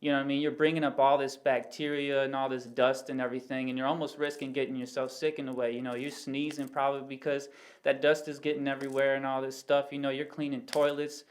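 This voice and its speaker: Flat-voiced man musing earnestly. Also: mid-range voice, brisk. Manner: rambling, full of "you know what I mean" asides; earnest, explains with everyday analogies. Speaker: podcast guest. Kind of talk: casual reflective conversation.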